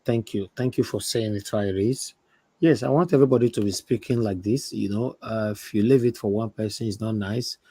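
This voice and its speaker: A man with a Nigerian accent hosting a live online panel talk, animated and mixing in Pidgin banter as he urges his guests on. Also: lowish voice, a little fast, husky, no room sound. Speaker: show host.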